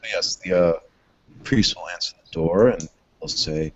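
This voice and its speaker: A man's voice: low-pitched, a little slow, dull audio. A man running a tabletop role-playing game as game master, talking casually with rambling asides and swearing.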